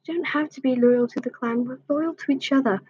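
A fiery young she-cat whose lines rise above the narration, high and sharp, as a woman reads her. The tone is breathy and light. This is a storybook reading. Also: a little fast, lo-fi sound. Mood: remorseful. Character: fierce young she-cat, hot-tempered.

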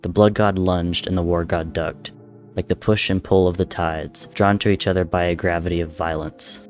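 A man narrating a dark dramatic story in a measured, intense reading. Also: deep voice, steady tone, soft background music.

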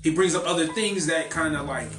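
A man chatting casually as a podcast co-host, telling animated stories and acting out quotes. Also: brisk, echoey room, music in the background. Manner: animated storyteller, acts out quotes in higher voices. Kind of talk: casual chat.

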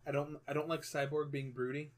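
A man's voice: fairly high pitch, little pitch movement, fairly quick. A man co-hosting a casual podcast chat, rambling and restarting his sentences, swearing freely. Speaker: podcast co-host. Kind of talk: casual chat about a movie.

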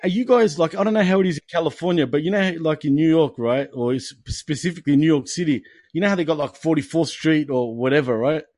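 A man's voice: fairly high pitch, fast talker, few pauses, a little mellow, no echo. Profane, laughing man on a dry mic. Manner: profane, laughs often, says bro a lot. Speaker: podcast host. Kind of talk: casual chat.

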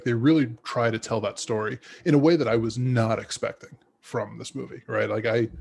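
Male podcaster, gravelly and husky, rambling casual film talk. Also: medium pitch, a little mellow. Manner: rambling, frequent restarts and ums. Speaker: podcast co-host. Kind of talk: casual movie discussion.

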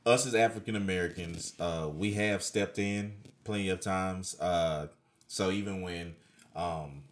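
Man, co-host, very deep voice, hesitant, full of "um" and repeats. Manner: halting, many fillers and repeats. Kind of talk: casual chat.

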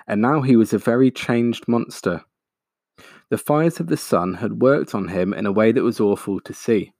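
A man reading a children's storybook aloud, slow, expressive and dramatic. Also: fairly low pitch, vocal fry, dry recording, studio quality. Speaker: audiobook narrator.

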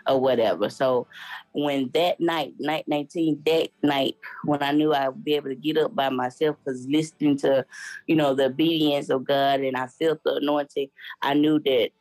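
A woman's voice: low-pitched, steady tone, normal speed, darkish tone, no room sound, poor audio. A woman guest telling her faith testimony in a casual, earnest way, acting out the voices of people in her story.

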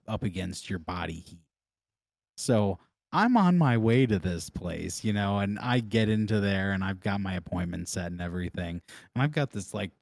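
A man's voice: sits low, creaky, a little mellow, no echo, clean studio sound. A man co-hosting a podcast, telling a loose, rambling story with lots of laughter. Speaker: podcast co-host. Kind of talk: casual storytelling chat.

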